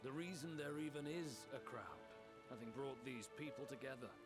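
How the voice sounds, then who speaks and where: An actor playing a warm, proud middle-aged father in a game cutscene, telling fond memories. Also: medium pitch, normal speed, over loud music, lightly acted. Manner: fond, storytelling.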